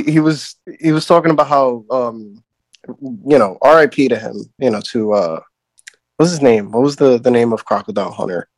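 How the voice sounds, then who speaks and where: A man's voice: medium pitch, moderate pace, no echo. A man in casual chat, rambling and profane, often restarting his sentences.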